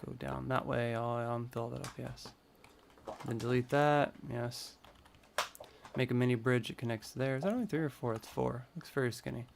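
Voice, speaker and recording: A man's voice: medium pitch, fairly even intonation, moderate pace, gravelly, background noise. A man live-streaming a building game, thinking aloud in a rambling, casual way.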